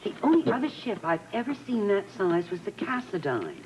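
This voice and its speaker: A woman's voice: medium pitch, big pitch swings, fairly quick, lightly acted. An actress playing a chatty, flustered woman who gushes and fusses, in 1980s soap opera acting. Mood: gushing. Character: chatty gushing middle-aged woman, nosy helper. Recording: dull lo-fi tape with background noise.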